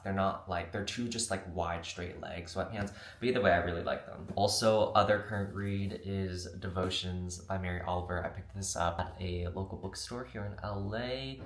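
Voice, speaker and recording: A young man vlogging, telling stories in a chatty, animated way and swearing freely. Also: sits low. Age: young adult. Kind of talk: casual vlog storytelling.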